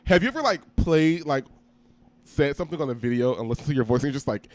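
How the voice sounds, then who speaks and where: A man co-hosting a podcast, chatting casually, quick to joke and laugh. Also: fairly high pitch, animated, dry recording. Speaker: podcast co-host. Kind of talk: casual chat.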